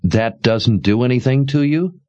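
Audiobook: male narrator playing an earnest young woman, lifted pitch. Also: unhurried, dark tone, lo-fi sound, close to an everyday voice. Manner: questioning, earnest. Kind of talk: audiobook character voice.

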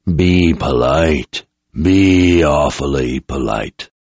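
A man voicing a threatening male emperor who speaks through a possessed young soldier, in a deep, gravelly voice. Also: a little mellow, dry recording, heavily acted. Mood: menacing. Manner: slow, threatening, enraged at times. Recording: dull lo-fi recording.

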